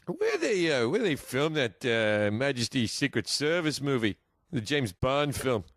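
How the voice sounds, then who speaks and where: A man's voice: mid-range voice, sing-song, a little slow, a bit bright, dry recording, studio quality. A man imitating an eager older actor making folksy small talk.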